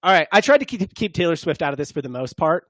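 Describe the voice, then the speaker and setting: A man's voice: a little high, very animated, fast, a bit bright, no echo. A man co-hosting a sports podcast, chatting casually in a jokey, rambling way. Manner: jokey, rambling, slips into mock accents. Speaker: podcast co-host.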